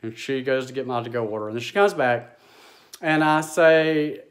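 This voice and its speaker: A man's voice: medium pitch, normal speed. Exasperated man telling a story. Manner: exasperated, animated retelling with quoted dialogue. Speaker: vlogger. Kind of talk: casual storytelling.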